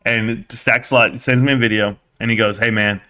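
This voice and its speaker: A man in his forties hosting a live stream, teasing his guest with animated, excitable banter. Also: medium pitch, fairly quick. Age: 40s.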